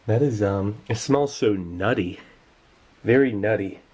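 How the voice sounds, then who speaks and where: A man's voice: lowish voice, unhurried, noisy background. A man giving casual, enthusiastic commentary while tasting old rations, sometimes talking with his mouth full. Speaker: food tasting vlogger.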